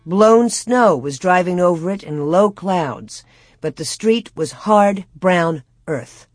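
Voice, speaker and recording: A woman's voice: on the low side, animated, no room sound, studio quality, faint music behind. Woman reading a storybook aloud. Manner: measured, clear storytelling. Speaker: narrator. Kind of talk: audiobook reading.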